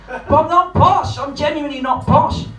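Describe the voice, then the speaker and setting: A man's voice: very high voice, moderate pace. A man from Portsmouth, doing a brash, sweary, self-mocking stand-up set at a live comedy night. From Portsmouth, England. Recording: echoey live room, distant mic, noisy crowd.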